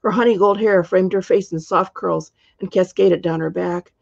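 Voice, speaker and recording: A woman, the author, reading her storybook aloud in a steady, measured way, in a dull lo-fi recording. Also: fairly low pitch, gravelly, no echo.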